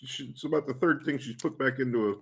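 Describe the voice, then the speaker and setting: A man's voice: mid-range voice, fast talker, gravelly, fairly bright tone. A man chatting casually on a home vlog as co-host, with dry joking remarks between snack bites. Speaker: co-host, family member. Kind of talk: casual chat.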